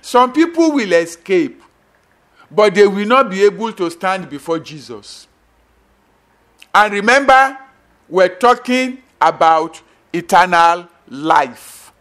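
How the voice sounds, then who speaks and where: Pastor guy preaching, really high voice, repeats himself for emphasis, sudden loud bits. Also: very animated, slow, long pauses. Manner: emphatic, repetitive preaching with sudden bursts and drops. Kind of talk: sermon.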